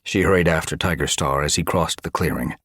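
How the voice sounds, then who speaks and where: A man narrating an animal adventure audiobook in an expressive storytelling manner. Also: rumbling low, brisk, no echo, clean studio sound. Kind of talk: scripted narration.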